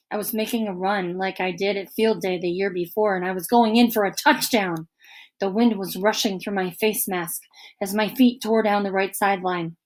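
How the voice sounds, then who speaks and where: A woman narrating a children's book aloud in an expressive, lively storytelling manner. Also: medium pitch. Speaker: audiobook narrator.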